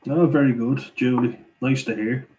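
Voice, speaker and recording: A man's voice: mid-range voice, fairly even intonation, moderate pace, a little mellow, rough recording. An Irish man hosting a casual live Q&A, chatting with viewers and laughing often between remarks. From Ireland. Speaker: channel host answering viewer questions.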